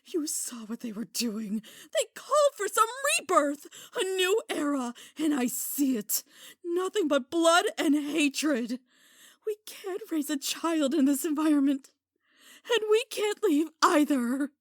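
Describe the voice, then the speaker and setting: Woman playing a distraught mare mother, pleading, often hushed, high voice, dry close sound. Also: very animated, unhurried, dry recording. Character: distraught young mother mare, pegasus brigade leader. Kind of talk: fan audio drama acting.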